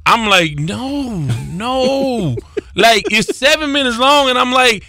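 A middle-aged man hosts a casual sports podcast in a bright, ringing voice, recorded dry and close. He talks in an animated, self-deprecating way and laughs often. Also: extremely high pitch, normal speed, smooth, no room sound, faint music behind. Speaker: podcast host.

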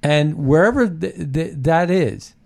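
A man hosting a political commentary show, excited and rambling, with frequent restarts. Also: a little high, measured pace, creaky. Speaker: show host.

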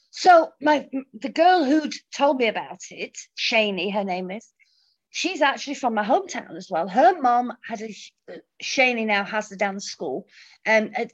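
A middle-aged woman from England tells a story in relaxed conversation. Her voice sits fairly high, and she acts out the voices of the people in it. The recording sounds dull and lo-fi. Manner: animated, acts out quoted voices. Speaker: guest. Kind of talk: casual storytelling. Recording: dull lo-fi audio.

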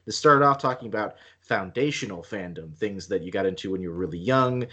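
Low-voiced man rambling as podcast co-host. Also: lively intonation, brisk, sharp tone, slightly rough. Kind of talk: casual podcast chat.

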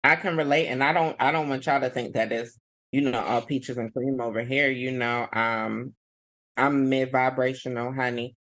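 A man talks casually with a middle-pitched voice. His delivery is easygoing and sassy, with laughter slipping in. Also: fairly even intonation, normal speed, fairly bright tone. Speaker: podcast co-host. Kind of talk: casual chat.

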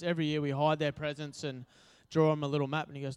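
A man's voice: on the high side, quick pace, hardly any pauses, a little mellow, smooth. An Australian man giving a casual, chatty sermon at church, joking and using lots of fillers. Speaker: preacher. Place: church hall.

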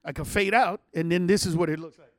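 A man hosting a podcast from his home setup, telling stories in a casual, animated way, swearing freely and acting out what other people said. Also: high voice, quick pace, no echo. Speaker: podcast host. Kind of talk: casual storytelling to listeners.

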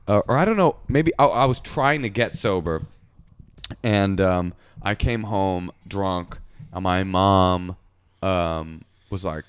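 A man chats in a relaxed, profane storytelling style, jumping into shouted voices for the people in his tales. His voice sits a little low. The sound is dry and close to the mic. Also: takes it slowly, clean tone, no room sound. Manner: animated, profane, acts out shouted quotes. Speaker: comedian guest. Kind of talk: casual podcast storytelling.

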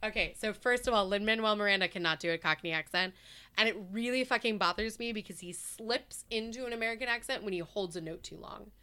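Animated, bright-voiced woman ranting. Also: mid-range voice, quick pace, smooth. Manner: animated, swears often, laughs a lot. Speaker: podcast co-host. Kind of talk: casual chat, ranting movie review.

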